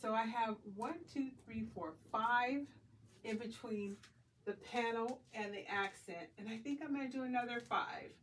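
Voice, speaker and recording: A woman's voice: on the high side, moderate pace, a bit bright, a little hiss or hum. A middle-aged woman talking casually as she works on a quilt, thinking aloud and laughing often. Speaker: quilting vlogger. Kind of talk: casual talk while working.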